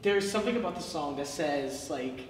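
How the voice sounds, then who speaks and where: A man's voice: a little high, lively intonation, a little hiss or hum. Young male student, hesitant and echoey. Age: young adult. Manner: hesitant, quick, filler-heavy. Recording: echoey hall, far from mic, with piano.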